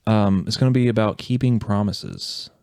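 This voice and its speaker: A man's voice: fairly low pitch, fairly even intonation, moderate pace, mellow, clear, resonant tone, dry recording, clean studio sound. A man co-hosting a casual podcast, talking in a rambling, encouraging way and often correcting himself. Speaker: podcast co-host.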